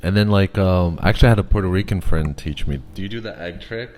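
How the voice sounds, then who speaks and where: A man hosting a podcast in casual chat, agreeable and quick with "yeah" and "mm-hmm". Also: deep voice, darkish tone, slight background noise. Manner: agreeable, frequent "yeah" backchannels. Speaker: podcast host.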